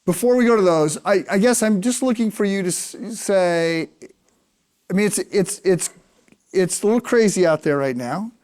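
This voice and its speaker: A male interviewer asks questions on stage in a searching, halting way, restarting his sentences. His voice is high for a man and clear and smooth. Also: darkish tone.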